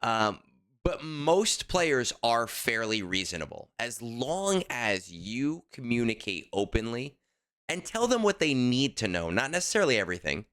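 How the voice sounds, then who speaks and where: A man co-hosting a casual podcast, telling a story in an animated, emphatic way. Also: mid-range voice, a little slow, smooth. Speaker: podcast co-host. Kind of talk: casual chat.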